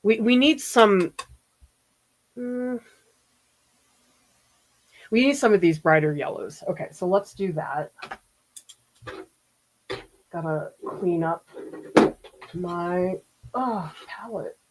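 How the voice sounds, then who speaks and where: A woman's voice: fairly low pitch, animated, slow, long pauses, poor audio. A middle-aged woman from the Boston area who teaches art, chatting casually and laughing as she paints during a live demo. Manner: chatty, laughs often, muses aloud while painting.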